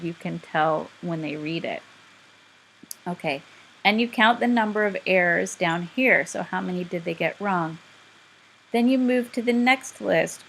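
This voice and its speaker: A woman's voice: fairly low pitch, creaky, a little hiss or hum, rough recording. A woman teaching a class, explaining step by step in a patient, direct way. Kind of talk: instructional lecture.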